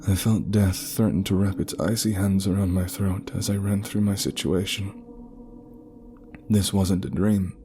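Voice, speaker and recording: A man reading a scripted horror story in a grave, steady manner. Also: deep voice, a little slow, noisy background.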